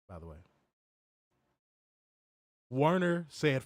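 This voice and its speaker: A man co-hosting a casual live stream, talking loudly and profanely and teasing his viewers. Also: medium pitch, expressive, moderate pace, long pauses, dry recording. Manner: loud, profane, teasing banter addressing viewers. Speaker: co-host of a wrestling review stream.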